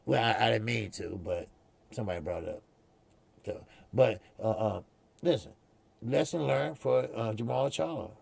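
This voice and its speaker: A man's voice: medium pitch, normal speed, gravelly, darkish tone, no room sound. A man hosting a boxing talk stream, rambling and profane, repeating himself as he talks. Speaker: boxing show host. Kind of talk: casual live-stream commentary.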